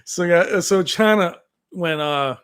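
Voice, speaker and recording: A man hosting a casual live stream from home, reading viewer comments aloud and talking in a rambling, excitable way. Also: high voice, takes it slowly, smooth. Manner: rambling, excitable, with frequent fillers. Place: at home with his cat.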